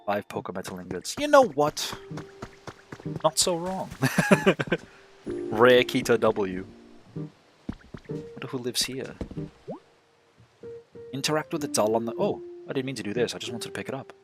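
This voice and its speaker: A man's voice: medium pitch, big pitch swings, a little slow, pauses often. A man streaming a game who chats casually, swears freely, laughs often and thinks aloud. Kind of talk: casual gameplay chat. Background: game music.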